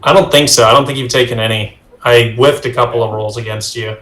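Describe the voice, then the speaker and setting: Halting man running a tabletop game. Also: medium pitch, fairly even intonation, a bit bright. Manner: halting, many uh fillers. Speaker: game master. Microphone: video call. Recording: roomy sound with faint music.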